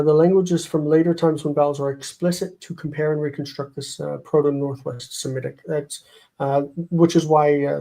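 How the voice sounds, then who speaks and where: A man's voice: a little high, gravelly, warm tone, low-quality recording. Man teaching Hebrew grammar live. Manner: explains, repeats words slowly, reads out comments. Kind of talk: live online lesson.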